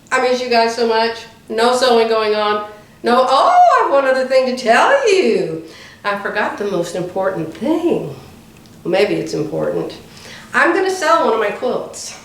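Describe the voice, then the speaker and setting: A woman in her seventies telling animated anecdotes to her viewers from home, laughing often. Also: on the high side. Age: 70s. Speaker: quilting vlogger. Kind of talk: casual chatty storytelling to viewers. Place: indoors at home by the front door. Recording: very echoey room, distant mic, faint hiss.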